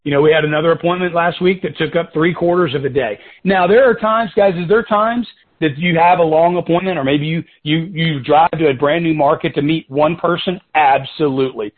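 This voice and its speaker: A man's voice: fairly high pitch, fairly quick. A man leading a coaching talk for his sales team on a conference call, casual and conversational, often calling them "guys" and wandering into side stories. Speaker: sales team leader and mentor. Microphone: telephone. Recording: tinny phone-line conference call.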